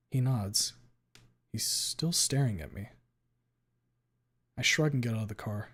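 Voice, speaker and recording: A man streaming a first-person story reading, dramatic and expressive, with sudden loud outbursts. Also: mid-range voice, unhurried, long pauses, slightly rough.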